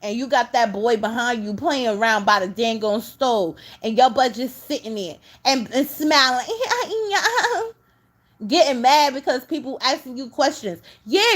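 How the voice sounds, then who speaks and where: Reaction commentator: high-pitched woman, exasperated and scolding, casual delivery. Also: expressive, unhurried. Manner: scolding, exasperated, talks straight at the subject.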